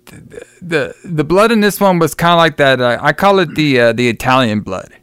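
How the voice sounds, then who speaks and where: Loose, profane man, smooth dry voice. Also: a little high, animated, a little fast, a bit bright, no echo. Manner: loose, profane, acts out scenes with quoted voices. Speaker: podcast co-host reviewing horror films. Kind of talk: casual chat.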